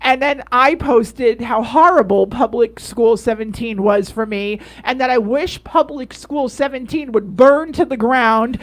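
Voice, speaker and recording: Talk-show co-host: high-voiced woman, animated, laughing, circling back to the same phrase. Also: unhurried, hardly any pauses. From Yonkers, New York. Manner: animated storytelling with frequent laughter and repeated phrases. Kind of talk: casual late-night chat.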